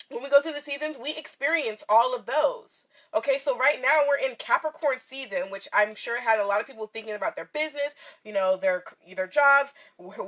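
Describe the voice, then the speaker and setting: A woman's voice: fairly high pitch, a bit bright. A woman vlogger and spiritual reader talking candidly and tearfully to her viewers, swearing freely and laughing often. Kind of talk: casual heartfelt livestream talk. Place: in her van in bright sunlight.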